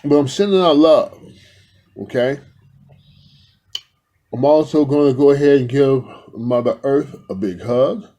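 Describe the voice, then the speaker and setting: A man's voice: medium pitch, measured pace, pauses often, dark tone, lo-fi sound. A man in a casual, rambling talk to his viewers, addressing them directly and affectionately while filming himself indoors. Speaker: spiritual vlogger.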